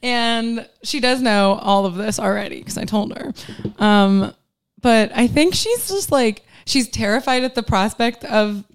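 A woman's voice: fairly high pitch, clean tone. Giggly young woman hosting a podcast. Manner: giggly, quick, lots of fillers. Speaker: podcast host. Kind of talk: casual chat.

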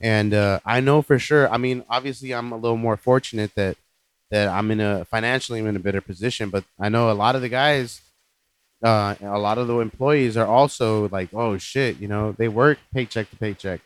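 A man co-hosting a casual podcast, relaxed and reassuring, swearing freely. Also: on the low side, brisk, clean tone, dry recording. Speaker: podcast co-host.

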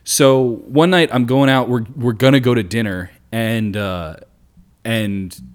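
Young guy on a podcast, telling a story, swearing, doing everyone's voices, mid pitch. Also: measured pace. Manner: animated, profane, acts out quotes. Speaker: podcast co-host. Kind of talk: casual storytelling chat.

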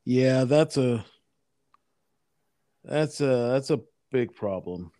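A man's voice: medium pitch, expressive, slow, dark tone, no echo, studio quality. A man in casual conversation, agreeing with short, profane remarks. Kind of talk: casual chat.

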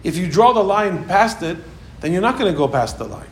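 A man giving a Torah class lecture, telling stories with lively acted-out quotes. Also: sits high, a little fast. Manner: animated storytelling, acts out quoted voices. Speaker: Torah teacher. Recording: echoey room with faint background noise.

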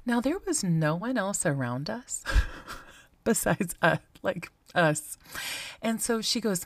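Low, dry-sounding woman, candid reflective podcast host; close mic, musing tone. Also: animated, moderate pace, dry recording. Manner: candid, musing, conversational, with frequent ums and likes. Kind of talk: reflective solo podcast talk.

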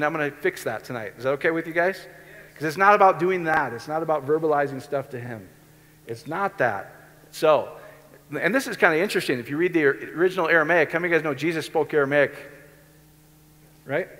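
A man with a fairly high voice preaches a sermon, talking to the room like a conversation and often asking whether his listeners are following. The sound carries a long reverb from a large hall around him. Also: fairly bright tone. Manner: conversational, keeps checking in with the audience. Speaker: pastor.

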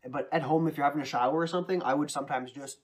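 A man's voice: a little high, very fast. A man in casual chat, thoughtfully explaining tips on voicing characters at length.

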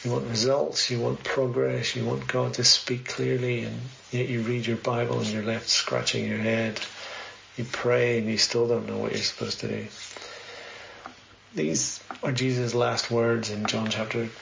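A man's voice: medium pitch, level tone, unhurried, vocal fry, fairly bright tone. A man giving a conversational sermon, reading scripture and asking the listeners questions. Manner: conversational, earnest, poses many questions. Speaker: preacher. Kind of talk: sermon, Bible reading and reflection. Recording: slightly dull, faint background noise.

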